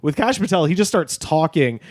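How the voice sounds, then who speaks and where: A man chatting casually on a podcast panel, animated, opinionated and quick to swear. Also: on the high side, dry recording, studio quality. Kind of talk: casual chat.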